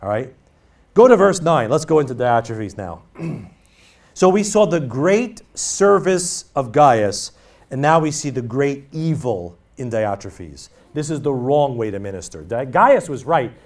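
Male pastor preaching, pitch all over the place, mic kinda far from him, keeps hammering the same line over and over. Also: moderate pace. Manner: animated, emphatic, repetitive preaching. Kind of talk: sermon. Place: church.

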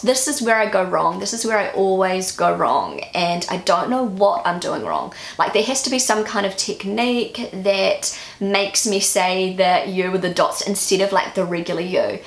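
A New Zealand woman talks in a casual vlog, repeating words after an app and picking apart her own pronunciation. Her voice has a gravelly fry in it, and the room around her rings with an echo. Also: mid-range voice, lively intonation, normal speed, few pauses. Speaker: vlogger. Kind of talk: casual language-learning vlog.

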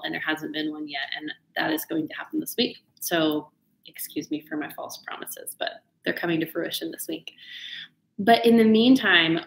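A woman's voice: fairly low pitch, vocal fry, reverberant, low-quality recording. A woman hosting a live video talk, chatty and teasing, who laughs often. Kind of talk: casual motivational talk.

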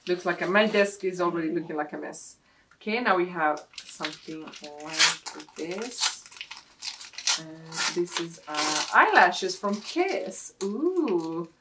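A woman's voice: on the low side, takes it slowly, heavy background noise. A woman beauty vlogger unboxing a gift box at her desk, gushing and repeating how much she loves each item. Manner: gushing, repeats "love it" over and over. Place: home desk.

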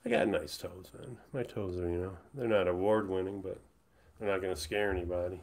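A man streaming live who rambles, says he's high and mumbles, often trailing off into whispers. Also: steady tone, fairly quick, darkish tone. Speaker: livestreamer. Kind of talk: casual livestream chat. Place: indoors, hot room.

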